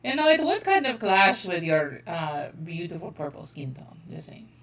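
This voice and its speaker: A woman's voice: fairly low pitch, sing-song, moderate pace, fairly bright tone, reverberant, recorded from a distance. A woman playing in a tabletop game, chatting casually and laughing easily. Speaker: player.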